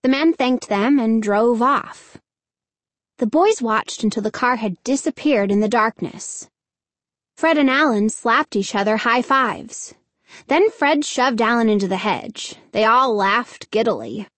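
A woman reads a children's novel aloud at a slow, deliberate pace. Her voice is somewhat high and the recording is dry and close. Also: animated, a bit bright, dry recording. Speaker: audiobook narrator. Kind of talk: scripted narration.

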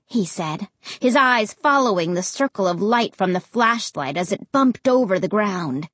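Woman audiobook narrator, husky tone, lively expressive pitch. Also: a little slow, no room sound. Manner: expressive storytelling. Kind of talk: first-person audiobook narration.

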